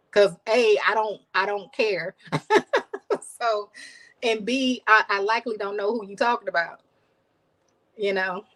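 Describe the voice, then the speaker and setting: A cooking channel host runs a live stream, chatting casually with viewers, thanking them by name, and laughing often, and people call her voice soothing. It sits on the high side with a fairly bright tone, though the audio is poor.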